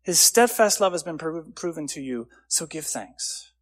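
A man preaching a sermon, earnest, building up loudly on key phrases and then dropping low and quiet. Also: expressive, normal speed. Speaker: pastor.

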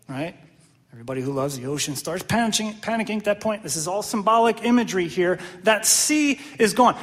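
A man preaching a sermon, animated and questioning, often checking in with the congregation with "right?". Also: high-pitched, big-room sound. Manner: animated, asks the audience questions, frequent "right?". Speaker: pastor.

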